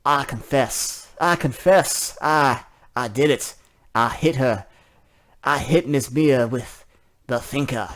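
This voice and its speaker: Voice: medium pitch, slow pace, close to an everyday voice. Give me a let's player playing a panicky villain with a country twang. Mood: confessing. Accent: country western twang, put on. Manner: stuttering, pleading. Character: panicking male villain, stammering.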